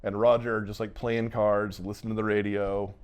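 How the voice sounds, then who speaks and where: A man's voice: on the low side, clear, resonant tone. A man co-hosting a podcast, retelling a novel's scenes in casual chat and acting out the characters' lines. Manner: animated, acts out characters' lines in quick voices. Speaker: podcast co-host.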